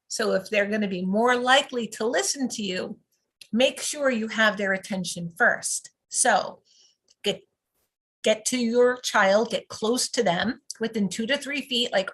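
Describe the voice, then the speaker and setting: A woman coaching parents over a live video call, speaking calmly and instructively. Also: fairly high pitch, rough recording. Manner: calm and instructive, lively when modeling praise. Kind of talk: teaching talk on live video.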